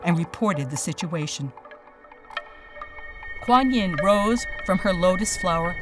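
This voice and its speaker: A storyteller giving a dramatic, expressive storybook narration. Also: medium pitch, measured pace. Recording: distant voice over loud music.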